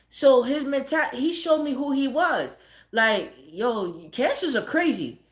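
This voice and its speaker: A high-pitched woman spins a story for her live chat, her voice leaping up and down. She swears freely and keeps dissolving into laughter as she talks. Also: takes it slowly, echoey room. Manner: profane and animated, often breaking into laughter. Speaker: livestreamer telling a story.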